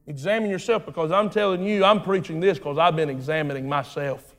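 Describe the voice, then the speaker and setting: A male pastor delivering a sermon, swinging from rhythmic shouted lines down to low, hushed phrases. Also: lively intonation, moderate pace, in a large hall.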